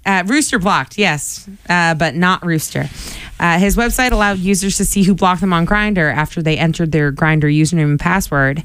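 A man's voice: high-pitched, steady tone, normal speed, fairly bright tone, clean tone. A man hosting a radio show in a studio, chatting casually with lots of "like" fillers and easy laughter.

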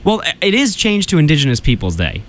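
A man's voice: a little high, wildly swooping pitch, fast, fairly bright tone, slight background noise. Chatty young man hosting college radio. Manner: chatty, restarts mid-sentence. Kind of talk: casual radio chat.

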